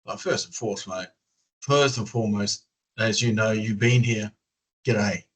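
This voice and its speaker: Australian man, lower range, casual interviewee, lots of fillers, video call. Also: fairly even intonation, normal speed, fairly bright tone, poor audio. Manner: rambling, many fillers and restarts.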